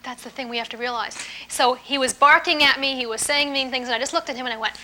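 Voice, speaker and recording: A woman giving a live relationship seminar to an audience, lively and emphatic, often playful. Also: high-pitched, quick pace, slight background noise. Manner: lively, emphatic, playful, laughs while teaching.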